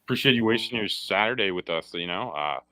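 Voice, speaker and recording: A man's voice: on the low side, lively intonation, fast, bright, forceful tone. A middle-aged man hosting a podcast in casual chat, rambling and repeating himself. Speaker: podcast host.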